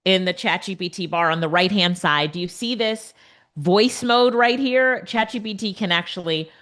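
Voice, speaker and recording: A woman's voice: mid-range voice, normal speed, fairly bright tone. A middle-aged woman running a live online class, chatty and upbeat, laughing often as she talks to viewers over a computer mic. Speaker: webinar instructor. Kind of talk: live online teaching demo. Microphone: computer mic on a video call.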